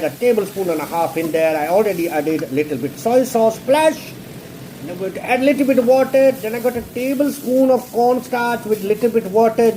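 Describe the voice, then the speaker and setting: A blunt, foul-mouthed man talks a viewer through a recipe, joking and cursing as he goes. His voice is mellow and relaxed, with a faint hum of noise behind it. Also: high-pitched. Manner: blunt, crude, constant swearing, playful jokes; repeats words for emphasis. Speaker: home cook showing a recipe. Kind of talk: casual cooking demonstration.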